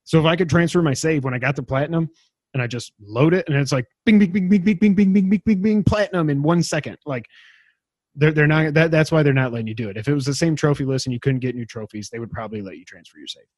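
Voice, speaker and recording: A man's voice: medium pitch, quick pace, dry recording. Dry, chatty male podcast host. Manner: enthusiastic, rambling, self-deprecating. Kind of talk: casual gaming news chat.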